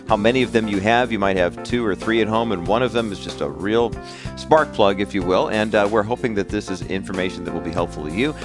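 A man co-hosting a radio show, wrapping up a segment in an easygoing way with many fillers. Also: lowish voice. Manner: friendly, filler-heavy announcer. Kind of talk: radio program wrap-up.

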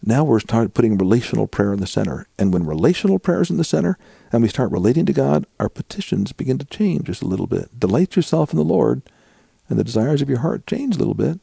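Older male guest, low gravelly voice, husky and dark, dry close sound. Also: very animated, fast, dry recording. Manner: storytelling, acting out dialogue. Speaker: guest, psychologist. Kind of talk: interview.

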